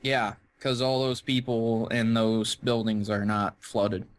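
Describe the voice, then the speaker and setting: A young man co-hosting a podcast in casual chat, joking and laughing with quick bursts of excitement. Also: medium pitch. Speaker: podcast co-host.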